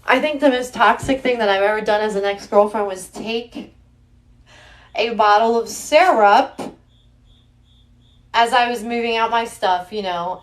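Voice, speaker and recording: A woman's voice: a little high, a little slow, long pauses. Playful rambling young woman streamer. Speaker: livestream host. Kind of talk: casual livestream chat.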